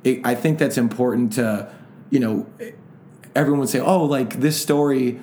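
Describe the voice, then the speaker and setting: A man hosting an interview, setting up questions in a supportive, measured way. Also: mid-range voice, steady tone, dark tone, echoey room. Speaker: host.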